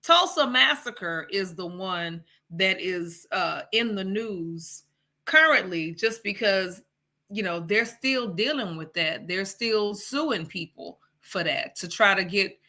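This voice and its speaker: A woman's voice: mid-range voice, expressive, slow pace, pushed and bright. A woman from Texas co-hosting a casual livestream podcast, talking in a rambling way and speaking to viewers. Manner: rambling and conversational, loses her thread and talks to viewers. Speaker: podcast co-host.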